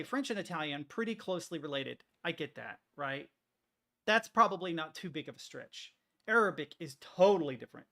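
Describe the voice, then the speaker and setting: A man's voice: on the high side, creaky, a bit bright. A man streaming, chatting casually in a rambling way with frequent swearing and restarts. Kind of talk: casual rambling chat while working on stream.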